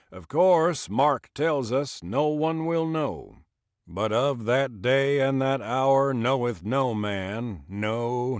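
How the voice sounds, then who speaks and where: A man voicing a slow-drawling, neighborly man from Texas who leads a Bible study, in an audiobook. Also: medium pitch, dry recording, clean studio sound, voice pushed up. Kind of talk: audiobook character reading.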